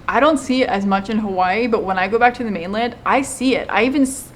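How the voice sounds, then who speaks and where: A woman's voice: on the high side, quick pace. Chatty woman hosting a retreat chat. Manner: chatty, animated when quoting others. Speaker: retreat host and channel co-host. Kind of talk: casual chat. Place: lives in Hawaii.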